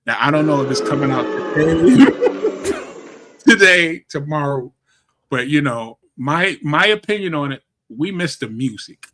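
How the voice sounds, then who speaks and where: A podcast host from Brooklyn chats loosely about celebrity gossip. His voice sits a little high for a man, and he speaks bluntly, laughing often. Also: expressive, measured pace, a bit bright. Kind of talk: casual chat.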